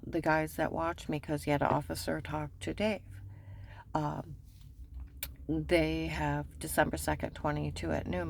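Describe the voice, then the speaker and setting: Low gravelly woman, urgent rambling. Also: darkish tone, slight background noise. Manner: rambling, urgent, often drops to a whisper. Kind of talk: personal account to camera.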